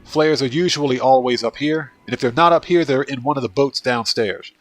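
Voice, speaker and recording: In a dry recording, a gamer with a medium-pitched voice talks a little fast while hosting his livestream. Though congested and losing his voice, he chats casually and thanks viewers individually by name.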